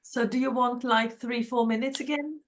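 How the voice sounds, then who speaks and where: A woman's voice: fairly high pitch, fairly even intonation, normal speed. A woman moderating an online workshop over a video call, giving short, practical prompts. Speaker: webinar moderator.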